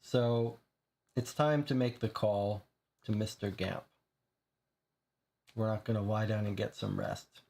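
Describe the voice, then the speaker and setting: A man reads a gamebook aloud to viewers, adding commentary on his choices as he goes. His fairly low, darkish voice is steady and slow, with long pauses.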